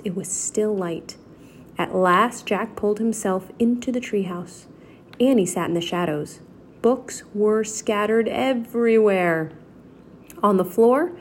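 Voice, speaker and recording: A woman reads a children's chapter book aloud in a steady, clear voice. Her pitch sits in a comfortable middle range. A faint hiss stays in the background. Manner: steady, clear storybook narration. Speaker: storyteller.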